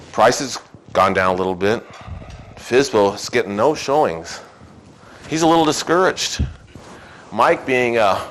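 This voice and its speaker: A middle-aged man, leading a real estate sales seminar, brash and loud, firing questions at the audience and shouting for emphasis. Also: on the high side, slight background noise. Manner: brash, rapid-fire, shouts for emphasis, asks the room questions. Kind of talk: live seminar talk to an audience.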